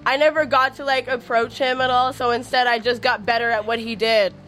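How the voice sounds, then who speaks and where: Young woman, label founder, higher voice, giggly, chatty, lots of fillers. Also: steady tone, fairly quick, a bit bright, slight background noise. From Montreal. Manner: bubbly, giggly, filler-heavy with "like". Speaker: record label founder, guest. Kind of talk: casual radio interview chat. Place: crowded room with people.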